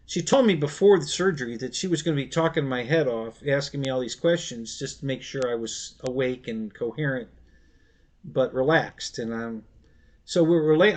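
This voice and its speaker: A middle-aged man hosting a live stream, telling a story in a rambling, halting way, with many restarts. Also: mid-range voice, a bit bright. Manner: laughs easily while telling stories. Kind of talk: casual live-stream chat.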